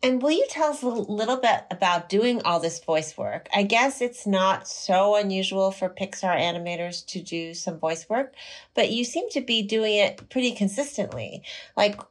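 A woman hosting an interview, asking quick, upbeat questions. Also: medium pitch, lively intonation. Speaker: interview host.

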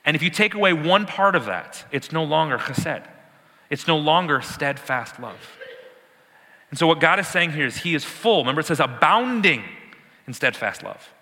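A man's voice: a little high, lively intonation, normal speed, pushed and bright, long reverb tail. A man teaching a sermon, explaining words with emphatic repetition and the odd laugh. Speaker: preacher.

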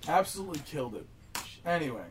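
A man's voice: fairly high pitch, big pitch swings, fast, crowd noise, rough recording. A man hosting a casual podcast chat, laughing often as he reads out listener comments. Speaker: podcast host.

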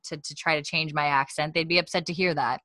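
A woman's voice: deep voice, fairly even intonation, fast, sharp tone, no echo. A woman voicing a cold, scheming male army captain in a stiff, formal way while retelling a scene. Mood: stern.

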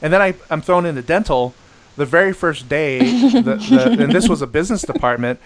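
A middle-aged man hosting a podcast, chatting casually and telling animated stories with many restarts and quoted voices. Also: on the high side, fairly quick, a crowd in the background. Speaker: podcast host. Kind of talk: casual chat.

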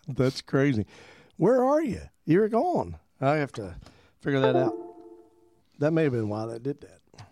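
A man's voice: medium pitch, big pitch swings, measured pace, background noise. A pastor co-hosting a Christian radio talk show, speaking in an easygoing, rambling way and often repeating words while he thinks. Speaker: pastor and co-host.

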